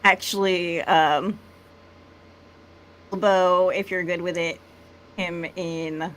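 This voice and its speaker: Slow, hesitant woman playing a tabletop game. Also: on the low side, fairly even intonation, a bit bright, a little hiss or hum. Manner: hesitant, many fillers. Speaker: player. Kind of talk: tabletop role-play, casual.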